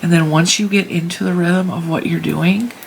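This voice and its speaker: A woman's voice: lowish voice, steady tone, normal speed, gravelly, slight background noise. Chatty woman demonstrating knitting. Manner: chatty and emphatic, talks through her hands' work. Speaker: knitting channel host.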